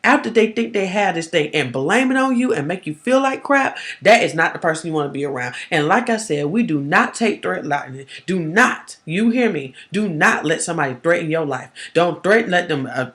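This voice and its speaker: A woman life coach talking straight to her viewers on a live stream. She is emphatic and stern in a big-sister way, and her delivery is loose, slangy and animated. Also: deep voice, brisk, hardly any pauses. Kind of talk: live-stream motivational talk.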